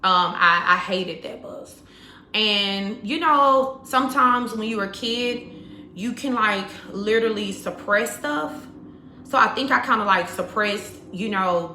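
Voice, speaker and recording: A woman's voice: medium pitch, pushed and bright, a little hiss or hum. A woman and mother telling a personal story to her viewers in a casual, rambling way, talking straight to them. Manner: chatty, rambling, full of "like" and "you know", addresses viewers as y'all. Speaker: spiritual YouTuber and mother. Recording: echoey room.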